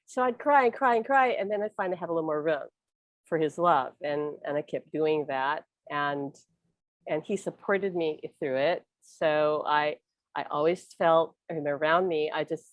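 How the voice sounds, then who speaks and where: Host type, middle-aged woman, lowish voice, earnest and rambly, dry close sound. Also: normal speed, dry recording. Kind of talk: casual spiritual chat.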